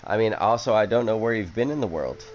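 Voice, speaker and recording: A man's voice: on the low side, expressive, fast, darkish tone, a little hiss or hum. A young man hosting a casual chat, who rambles bluntly and swears a lot after a few drinks. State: has been drinking. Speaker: podcast host.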